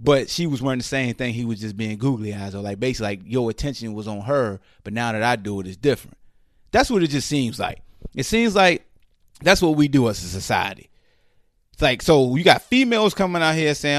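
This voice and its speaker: A man hosting a podcast, ranting in casual slang with incredulous, mocking asides and quick put-on quotes. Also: fairly high pitch, dry recording, studio quality. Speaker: podcast host. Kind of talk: casual commentary rant.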